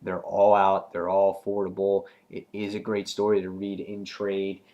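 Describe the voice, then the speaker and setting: A man's voice: low voice, completely flat delivery, moderate pace, mellow, highs cut off. A man casually reviewing a comic book, recapping the plot in a rambling way with lots of ums and restarts.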